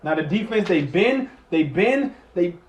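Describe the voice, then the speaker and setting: A man giving live play-by-play and reaction to a football game, excitable, swinging from muttering to shouting and cussing, talking while eating. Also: high voice, normal speed, echoey room, faint music behind.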